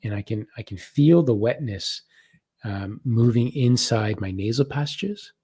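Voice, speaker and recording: A man hosting a live spiritual practice session, reading viewer comments and describing what he senses in a slow, soft-spoken way. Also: medium pitch, husky. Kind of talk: live guided meditation session.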